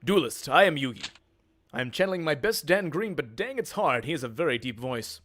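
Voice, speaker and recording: A man with an Australian accent voicing a young prince in a deep, formal, commanding tone. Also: big pitch swings, brisk, a bit bright.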